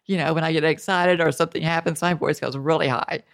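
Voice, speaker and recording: A woman's voice: low voice, steady tone, fast, gravelly. A woman hosting a casual interview, asking chatty, rambling questions. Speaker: podcast host.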